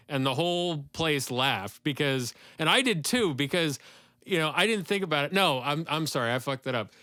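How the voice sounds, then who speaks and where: A man hosting a podcast in casual chat, rambling and enthusiastic and quick to laugh. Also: a little high, animated, sharp tone, clean tone, dry recording, clean studio sound. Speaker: podcast host.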